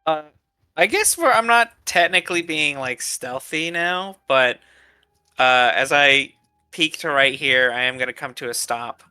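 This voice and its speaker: Bright, smooth-voiced man playing a tabletop game. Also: fairly high pitch, a little slow, dry recording, clean studio sound. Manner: relaxed, describes his character's moves. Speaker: player. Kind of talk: casual tabletop game chat.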